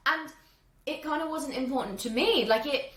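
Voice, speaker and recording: A young woman in her twenties with a fairly high voice chats about a film she just watched. She tells it with animated energy, acting out her own reactions and laughing as she goes. The sound has an echoey, roomy quality. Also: normal speed. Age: 20s. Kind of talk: casual film chat. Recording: echoey room.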